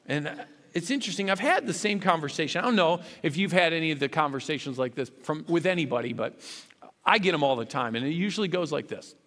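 A man's voice: a little high, animated, fast talker, fairly bright tone. A man preaching a sermon as a pastor, earnest and rising to fervent emphasis. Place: church sanctuary. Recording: long hall reverb.

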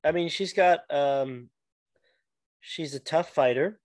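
A man co-hosting a podcast in casual chat, blunt and profane, a bit halting. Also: on the high side, a little mellow. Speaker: podcast co-host.

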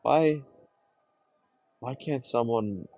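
A young man hosting a podcast, talking to himself in a distressed, halting, brooding confessional monologue. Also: medium pitch, warm tone, dry recording, soft background music. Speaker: podcast host.

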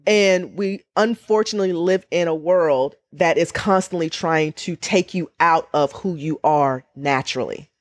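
In a reflective podcast, a middle-aged woman talks about personal matters in a deep, unhurried voice with hardly any pauses. There's no room sound; the close, dry audio catches her on the verge of tears, earnest and emotional, repeating phrases for weight.

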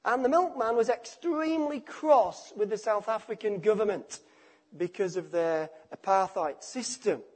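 A man preaching a sermon, emphatic and repetitive, letting his phrases fall quiet at the ends. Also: high-pitched, normal speed. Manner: emphatic, repeats phrases, drops to quiet endings.

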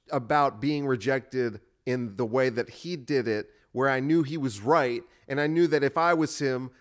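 A man hosting a podcast, telling a rambling story in a self-deprecating, casual way, full of restarts and fillers. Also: medium pitch. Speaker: podcast host, comedian.

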